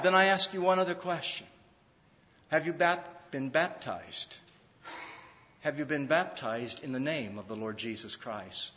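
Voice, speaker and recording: Man, pastor preaching, emphatic repetition, high voice, long hall reverb, muffled sound. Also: lively intonation, moderate pace, pauses often, fairly bright tone. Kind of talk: sermon.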